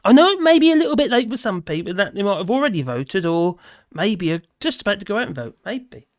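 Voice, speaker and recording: English man, higher voice, rambling live-stream chat, dry close sound. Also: very animated, fast, dry recording. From England. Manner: chatty, rambling, laughing often, reads out chat comments. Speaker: livestream host. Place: home in rural France.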